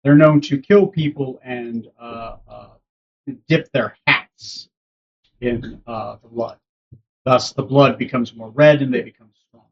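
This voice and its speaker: A man's voice: medium pitch, steady tone, slow, slight background noise. A man narrating a tabletop game as game master, rambling with many fillers. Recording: dull lo-fi recording.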